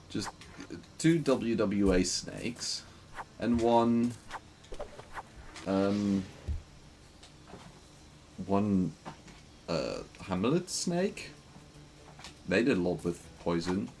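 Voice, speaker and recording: A man's voice: low-pitched, a little mellow, slight background noise. A man streaming a game, joking and rambling with lots of fillers in casual commentary.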